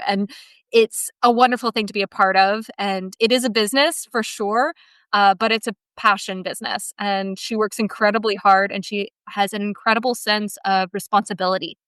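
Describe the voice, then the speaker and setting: A woman's voice: medium pitch, a bit bright, smooth, no room sound. A woman guest on a podcast interview, telling heartfelt, rambling stories with many restarts. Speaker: guest, team member of a dressage education business. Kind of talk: casual podcast interview storytelling.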